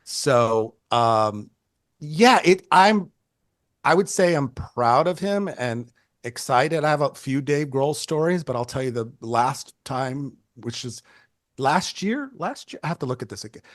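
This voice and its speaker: An older man, a photographer, telling stories in an interview in a rambling, animated way, acting out the people he quotes and often restarting his sentences. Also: mid-range voice, no echo, studio quality. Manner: animated, acts out quoted voices. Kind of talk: conversational storytelling.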